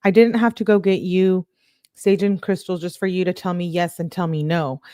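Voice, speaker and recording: A woman reading out the texts of an irate, demanding teenage girlfriend with a heated, scolding delivery, a little higher and louder than her own voice. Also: steady tone, moderate pace, no echo, studio quality, close to an everyday voice. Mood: accusing. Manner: heated, scolding read-aloud of text messages.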